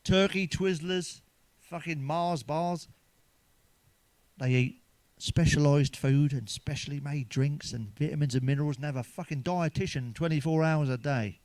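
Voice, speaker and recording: Crude, swearing comedian, dry close sound. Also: male voice, on the high side, normal speed, few pauses, darkish tone, no room sound. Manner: crude, swearing, laughs at own jokes. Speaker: stand-up comedian. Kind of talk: stand-up jokes told to camera.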